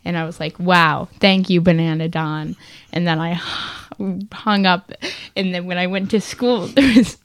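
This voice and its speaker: A woman co-hosting a podcast in casual chat, a lively storyteller who laughs often and acts out the people she quotes. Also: lowish voice, a little slow, dry recording. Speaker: podcast co-host.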